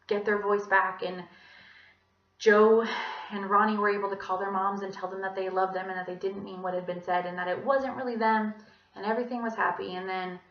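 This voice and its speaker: A young woman telling a children's story aloud with an expressive, animated delivery. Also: mid-range voice, brisk. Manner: expressive, animated, dramatic sound effects. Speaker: student storyteller. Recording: echoey room, dull lo-fi sound.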